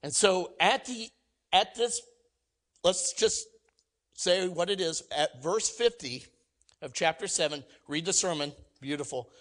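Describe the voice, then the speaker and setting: High, bright-voiced energetic male preacher. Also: unhurried. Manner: energetic, swings between loud emphatic peaks and soft asides; acts out quoted voices and jokes with the congregation. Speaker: pastor. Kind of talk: sermon.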